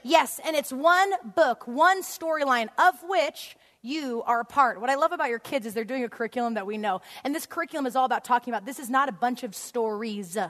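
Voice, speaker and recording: A woman preaches to a church crowd in a storytelling way, laughing often and acting out the people in her story. Her voice sits a little high. The sound rings with the long echo of a big hall. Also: brisk, few pauses. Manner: animated, laughs often, acts out scenes. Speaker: guest speaker. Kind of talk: storytelling sermon. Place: church auditorium.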